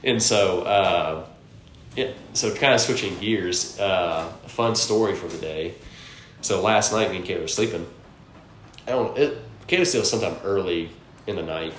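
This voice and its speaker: Podcast co-host, male, deep and rambling, slightly stuffy, roomy echo. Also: moderate pace. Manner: rambling storyteller, frequent filler words and swearing. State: congested from a cold. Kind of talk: casual podcast chat. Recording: echoey room, faint rumble.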